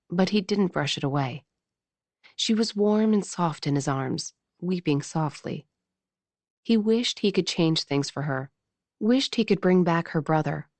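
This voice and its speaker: Woman narrator, romance audiobook, measured intimate reading, lowish voice, dry close mic. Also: a little mellow, dry recording.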